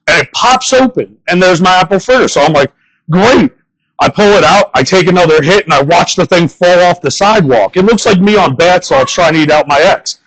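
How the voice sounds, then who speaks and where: A man's voice: sits high, a little fast, fairly bright tone, poor audio. A young man doing a stand-up set, telling rambling, crude stories full of swearing. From northern United States. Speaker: stand-up comedian. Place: bar stage before a live audience.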